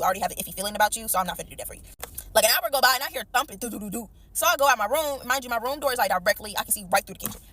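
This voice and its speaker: A young woman telling a family story in a casual storytime, animated and slangy, acting out the people she quotes. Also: mid-range voice.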